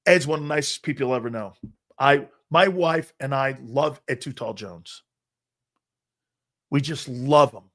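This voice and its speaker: A middle-aged man hosts a sports talk show and spins casual stories in a chatty, wandering style. He laughs at himself and swings between low mutters and loud exclamations.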